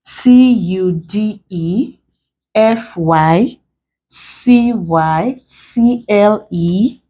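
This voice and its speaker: A woman teacher with a Nigerian accent, speaking very slowly and deliberately. She spells out letters one by one in an exam-prep lesson, and her voice sits at an ordinary middle pitch. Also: warm tone, poor audio.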